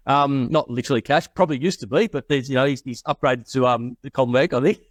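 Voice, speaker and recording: In a casual podcast interview, a middle-aged Australian guest investor tells business stories, quoting people in voices and laughing often. He speaks fast at medium pitch, and the recording is dry.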